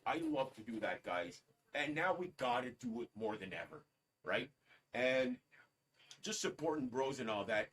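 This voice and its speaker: Guy streaming his pc build, rambly, chatty, calls everyone guys, kinda high voice. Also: fairly bright tone, distant mic. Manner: rambling, talks to chat as guys. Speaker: livestream host. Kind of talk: casual livestream chat. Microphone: streaming setup.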